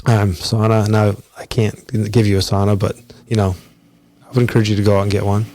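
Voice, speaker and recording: A man's voice: lowish voice, little pitch movement, a little fast, dark tone. A man hosting his own podcast, talking casually and personally into a close mic, with frequent restarts and fillers. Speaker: podcast host. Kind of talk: solo podcast monologue.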